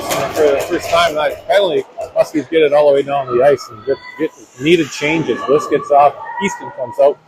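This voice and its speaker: A man calling a high school hockey game play by play, talking in a quick running flow and correcting names as he goes. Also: noisy background. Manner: rapid running description with self-corrections. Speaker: play-by-play announcer. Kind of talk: live hockey commentary. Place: ice rink.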